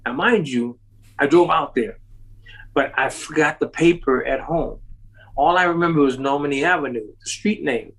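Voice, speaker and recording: Speaking at a normal pace, a male interview guest tells a lengthy, lively story, often laughing. Whenever he quotes someone, he acts out their voice with a sharp rise in pitch, and the recording sounds rough.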